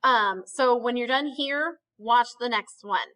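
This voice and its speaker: A woman's voice: on the high side, unhurried, bright, forceful tone. A woman teaching a Spanish grammar lesson in a recorded video, explaining patiently step by step and checking in with frequent okays.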